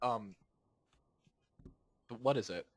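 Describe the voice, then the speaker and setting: A man's voice: mid-range voice, slow pace. A man in his twenties, a podcast host, telling a rambling story in casual chat, laughing often and restarting his sentences.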